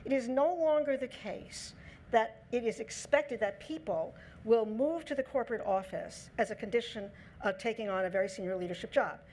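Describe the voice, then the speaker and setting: Woman giving a lively lecture. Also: on the high side, moderate pace, slight background noise. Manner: lively, acts out quoted dialogue in her talk. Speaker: speaker on negotiation. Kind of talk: lecture talk.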